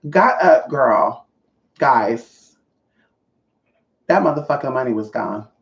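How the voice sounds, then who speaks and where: A young woman vlogger telling a profane, animated storytime monologue straight to her viewers. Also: very deep voice, takes it slowly, gravelly. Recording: roomy, slightly dull audio.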